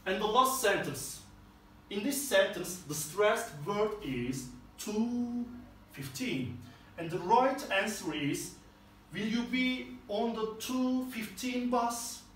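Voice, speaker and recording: A man teaching an English lesson, explaining each answer step by step in a slow, careful way. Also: high voice, lively intonation, fairly bright tone, slight background noise. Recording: echoey room from far off.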